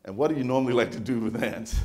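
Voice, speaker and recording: A male pastor preaching a sermon in a conversational, animated storytelling manner, often restarting his phrases. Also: mid-range voice, quick pace.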